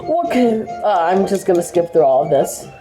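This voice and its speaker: A woman's voice: on the low side, expressive, moderate pace, over music, low-quality recording. A woman giving casual, offhand commentary while playing a video game. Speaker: gameplay commentator.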